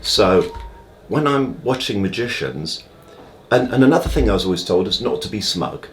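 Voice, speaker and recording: Very deep-voiced man. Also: lively intonation, moderate pace, a little hiss or hum. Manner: emphatic, full of analogies, keeps checking "all right?". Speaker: magician guest. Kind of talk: conversational interview. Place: upstairs dressing room.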